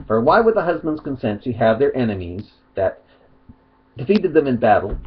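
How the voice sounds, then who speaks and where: A man's voice: medium pitch, very animated, moderate pace, muffled recording, a little hiss or hum. A man giving a rambling, argumentative vlog monologue, partly reading aloud, with many restarts. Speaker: video commentator.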